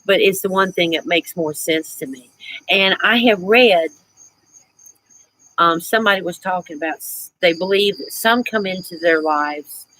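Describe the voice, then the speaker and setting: A woman's voice: lowish voice, a little hiss or hum, low-quality recording. Chatty woman hosting a livestream. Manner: chatty, reflective, laughs often, greets viewers warmly. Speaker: livestream host. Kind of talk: casual live chat.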